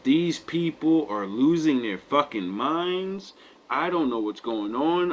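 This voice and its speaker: Male co-host, mock-sermon rant, mid-pitched, cursing freely. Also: lively intonation, takes it slowly, dull audio. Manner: mock-sermon delivery, profane. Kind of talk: preachy comedic rant.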